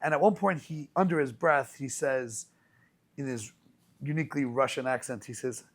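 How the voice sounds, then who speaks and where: A man hosting a podcast as a rabbi, telling stories in a casual, animated way with many restarts. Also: medium pitch, normal speed. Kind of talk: casual conversational storytelling.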